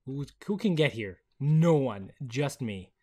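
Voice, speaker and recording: A man hosting a casual gameplay video on a headset mic, excitable and chatty, laughing often. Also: mid-range voice, takes it slowly, husky. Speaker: gaming video host.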